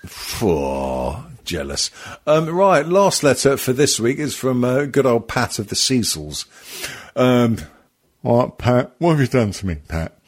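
A man with a husky voice hosts a loose, rambling comedy podcast. He swears freely and laughs often, and his pitch swings up and down with a lot of life. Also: sing-song, unhurried. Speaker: podcast host. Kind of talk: casual comedy podcast chat.

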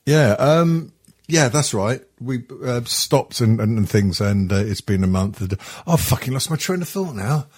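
A man's voice: mid-range voice, lively intonation, a little slow, darkish tone, breathy edge. A middle-aged man hosting a podcast in a rambling, sweary, casual way, full of ums and restarts. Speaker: podcast host.

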